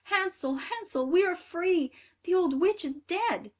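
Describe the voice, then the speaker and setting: A woman's voice: very high voice, animated, a little slow, voice pushed up. A woman voicing a young girl in a storybook reading, pleading and crying out in a raised voice. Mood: overjoyed. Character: frightened young girl, tearful then joyful.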